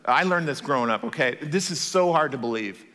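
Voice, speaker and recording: A male pastor preaching a sermon in a church, telling the story in a playful, animated way. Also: mid-range voice, a little fast, in a large hall.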